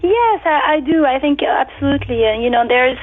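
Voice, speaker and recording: A woman's voice: sits high, expressive, brisk. A woman from France with a French accent, a bakery owner talking emphatically and repeating her words as a guest on a casual radio interview. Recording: tinny phone-like line.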